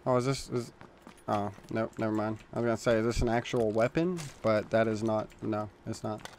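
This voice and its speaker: A young man streaming a shooter game, giving calm callouts to teammates, then yelling in panic when things get tense. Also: on the low side, fairly quick, a little hiss or hum. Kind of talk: casual gaming chatter.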